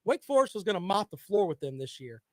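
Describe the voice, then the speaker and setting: High-voiced man in rowdy sports banter. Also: sing-song, quick pace, no echo. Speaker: co-host. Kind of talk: casual sports chat.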